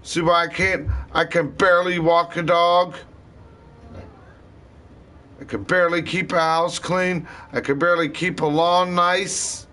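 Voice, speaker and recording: A man's voice: on the high side, steady tone, measured pace, sharp tone. A man ranting in a rambling, disjointed way, swearing constantly as he talks to camera. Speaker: vlogger. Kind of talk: rambling profane rant to camera.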